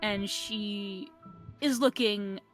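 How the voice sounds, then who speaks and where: A woman's voice: medium pitch, fairly even intonation, extremely slow, soft background music. A woman narrating as game master in a casual tabletop game, chatty and full of fillers.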